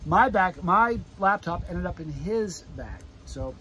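A middle-aged man hosting a casual chat, telling rambling stories excitedly. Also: high-pitched, slow pace, a little hiss or hum, rough recording. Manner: excited, chatty, rambling storyteller. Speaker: host.

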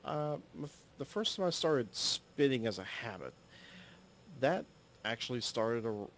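Man, solo host, casual storytelling, mid-pitched, rambling, self-correcting, swears now and then. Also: big pitch swings, a little slow, fairly bright tone, slight background noise. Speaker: solo podcaster. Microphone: audio-only recording, no camera.

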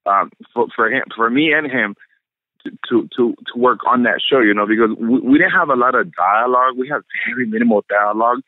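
A man telling stories as an actor guest in a casual interview, animated and profane, laughing often. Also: mid-range voice, a little fast, no room sound, phone-quality sound.

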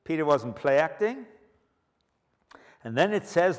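A male preacher giving a sermon with animated, humorous storytelling. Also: fairly high pitch, measured pace, long pauses. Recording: long hall reverb.

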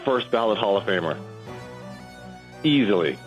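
A former professional basketball player gives a measured, analytical assessment in an interview. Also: male voice, on the low side, expressive, highs cut off, faint music behind.

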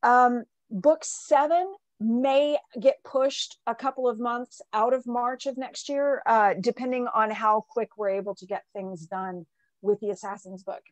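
Relaxed woman co-hosting a book talk, dry close sound, casual and chatty. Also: mid-range voice, dry recording. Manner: relaxed, chatty, reads audience questions. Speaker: author and event co-host. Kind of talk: casual chat. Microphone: video call.

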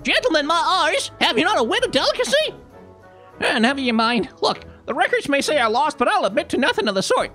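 Man putting on a sore-loser pit fighter, gruff, indignant, animated. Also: extremely high pitch, brisk, soft background music, pitched above the performer's own voice, full character voice. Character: foul-mouthed bigoted male brawler, sore loser.

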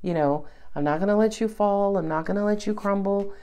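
A woman playing the universe as a bossy, no-nonsense voice that won't take no for an answer. It talks firmly and drags its words out. The voice sits lower than her own. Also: dark tone, natural voice. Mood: reassuring. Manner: sassy, firm, drawn-out.

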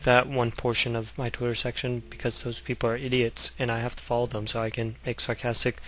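A man's voice: mid-range voice, a bit bright, slight background noise. A young man rambling through gameplay commentary, goofy and sarcastic, wandering off on joking tangents. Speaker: gaming channel host.

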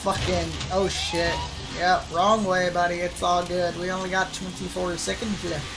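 A woman streaming a racing game live, commenting as she plays, swearing and trash-talking other players and breaking into excited shouts. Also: on the low side, normal speed.

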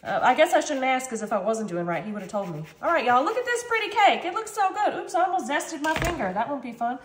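A woman's voice: high voice, very animated, quick pace, reverberant, a little hiss or hum. A woman hosting a casual home cooking vlog, chatty and bubbly, talking straight to her viewers. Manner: chatty, bubbly, constantly addresses viewers as y'all. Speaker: vlog host. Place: home kitchen, then a sunny backyard chicken coop.

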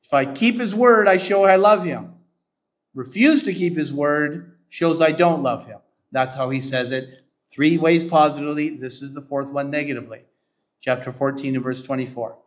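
Emphatic preacher, man, fairly high voice. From Canada. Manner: emphatic, asks the congregation to agree; slows down to quote scripture. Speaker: pastor. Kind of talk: sermon.

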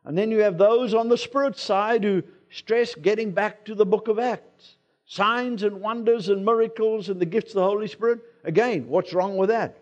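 A man with a South African accent, preaching a sermon as pastor in a relaxed, conversational way, with personal anecdotes. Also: high-pitched, moderate pace, muffled recording. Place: church sanctuary.

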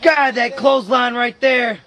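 A man doing excited play-by-play commentary for a wrestling match, exclaiming and shouting over and over. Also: very high-pitched, moderate pace, dull audio.

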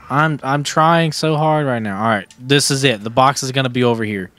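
A young man giving casual, excitable commentary on his own gameplay, laughing often and repeating himself. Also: medium pitch, moderate pace. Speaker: gaming streamer. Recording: faint background noise.

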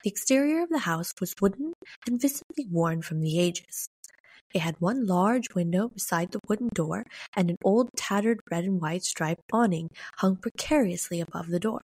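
A woman reading a story aloud as a podcast narrator, in a measured, gentle pace with dramatic pauses. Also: medium pitch, lively intonation, breathy edge.

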